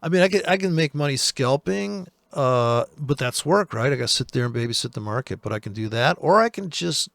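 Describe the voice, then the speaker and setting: A man's voice: mid-range voice, animated, a little fast, creaky, few pauses, fairly bright tone, dry recording, studio quality. A man from the United States giving rambling, profane, sarcastic commentary on the markets as host of a trading channel.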